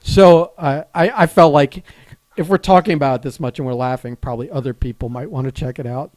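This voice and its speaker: A man's voice: medium pitch, fairly even intonation, a little fast, darkish tone, no room sound. A man co-hosting a podcast in casual chat, often breaking into laughter as he talks. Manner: laughs often while talking. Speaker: podcast co-host.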